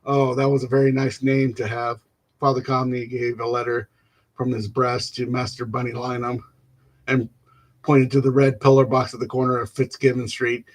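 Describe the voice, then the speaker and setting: A man reading a classic novel aloud without rehearsal, stumbling and restarting words and filling pauses with "uh". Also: medium pitch, monotone, a bit bright. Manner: halting, stumbles and restarts words, fills gaps with "uh". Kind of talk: unrehearsed reading aloud of literary prose.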